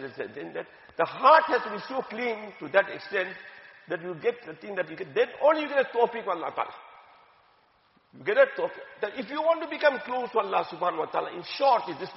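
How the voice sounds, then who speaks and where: Woman religious teacher, earnest and repetitive, recorded in a big reverberant hall. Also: mid-range voice. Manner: earnest, repeats key phrases for emphasis. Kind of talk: religious talk. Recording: dull, echoey hall with long reverb.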